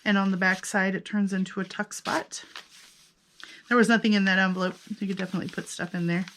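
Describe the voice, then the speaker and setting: A woman talks through her handmade journals page by page in a casual, chatty way, amused at herself and thinking aloud. Her voice sits at an ordinary middle pitch. A faint hiss runs under the recording. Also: fairly even intonation, fast, fairly bright tone. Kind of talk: casual craft flip-through narration.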